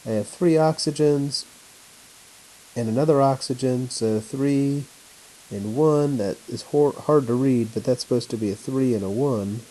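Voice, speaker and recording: A male teacher walking through a chemistry lesson at home on his laptop, in a flat, announcer-like voice. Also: medium pitch, measured pace, low-quality recording. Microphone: laptop mic.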